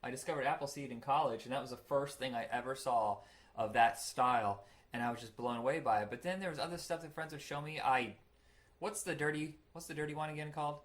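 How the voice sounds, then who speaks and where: Quick-talking man musing aloud. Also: mid-range voice. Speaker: podcast co-host. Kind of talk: casual chat.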